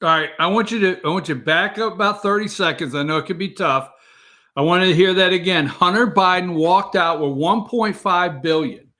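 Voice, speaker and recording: A man hosting a morning show, giving casual political commentary in an excitable way and calling cues to his producer. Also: high-pitched, moderate pace. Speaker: host.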